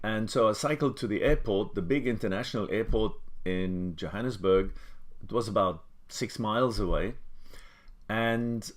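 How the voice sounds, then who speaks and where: An older man from Germany, hosting and telling a personal story in a relaxed, reminiscing way with pauses and fillers. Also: on the low side. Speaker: host. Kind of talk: casual storytelling to camera.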